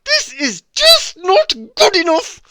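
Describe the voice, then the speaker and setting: A man voicing a bossy, fussy little storybook man who nitpicks in a shrill, loud voice. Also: sing-song, takes it slowly, dry recording, heavily acted. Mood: bossy scolding.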